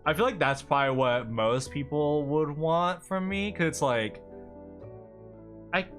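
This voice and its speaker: A man's voice: a little high, unhurried, fairly bright tone, soft background music. A man chatting casually on a livestream as a streamer, rambling and talking a lot, often laughing between thoughts.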